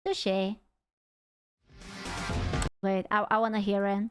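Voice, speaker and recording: A woman's voice: medium pitch, level tone, takes it slowly, music in the background. A young woman streamer reacting to videos in casual, blunt, rambling chat.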